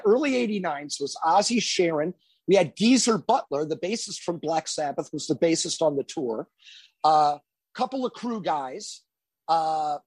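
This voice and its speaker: A man spins a tour story in a casual, animated way, his pitch swinging freely. His voice is husky. The recording is dry and close. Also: dry recording. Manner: animated anecdote telling, lively. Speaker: guest musician.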